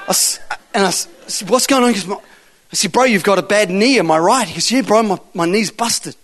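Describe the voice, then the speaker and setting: A man preaching a sermon, telling a testimony story and acting out the dialogue before building to forceful exhortation. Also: sits high, a little fast, some chatter behind.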